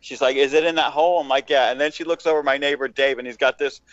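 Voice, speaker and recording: A man's voice: mid-range voice, fast, no echo. A man in casual podcast chat, telling a long profane story and acting out what people said. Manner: profane, animated storyteller, acts out quotes. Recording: dull lo-fi dry sound.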